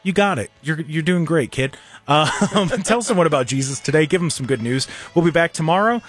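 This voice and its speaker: A man from hosting a radio talk show, with an animated, exasperated manner and frequent restarts. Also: a little high, brisk, faint music behind.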